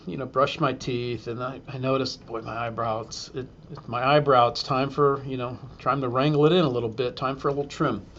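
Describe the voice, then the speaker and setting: A man's voice: medium pitch, dull audio, a little hiss or hum. A man, a school superintendent, telling a humorous self-deprecating story to an audience and acting out the quotes.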